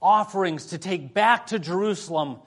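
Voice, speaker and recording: A male pastor preaching a sermon, telling a humorous personal story and moving between soft prayer and lively emphasis. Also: high-pitched, normal speed.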